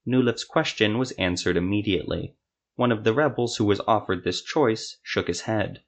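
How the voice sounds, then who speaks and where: A man narrating a scripted fantasy story for a podcast in a steady, even storytelling manner. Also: lowish voice, moderate pace, gravelly.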